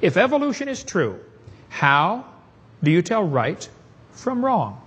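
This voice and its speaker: A man's voice: high voice, sing-song, measured pace, a bit bright, slightly rough. A man giving a preaching seminar talk in a folksy, emphatic way, chuckling at his own jokes. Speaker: creationist speaker.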